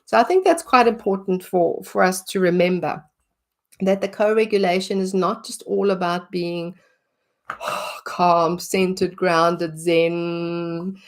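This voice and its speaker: A middle-aged woman teaches about dog behaviour in a casual, conversational way, acting out what she would say. She speaks in a mid-range voice at a measured pace.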